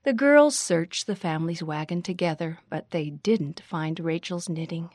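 A woman reading a children's story aloud in a clear, measured, expressive way. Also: lowish voice, dry recording, studio quality. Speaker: story reader.

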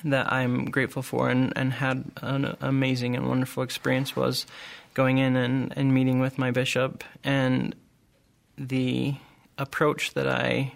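A middle-aged man with a gravelly, creaky voice tells a personal testimony. He speaks earnestly and haltingly, often pausing and restarting his sentences. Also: medium pitch, completely flat delivery. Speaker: group member sharing testimony.

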